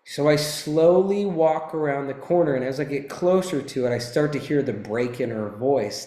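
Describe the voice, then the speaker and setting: A man's voice: on the high side, animated, normal speed, mellow, echoey room. A man in his thirties giving an intense, emphatic motivational talk, telling a personal story and swearing freely. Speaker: motivational speaker.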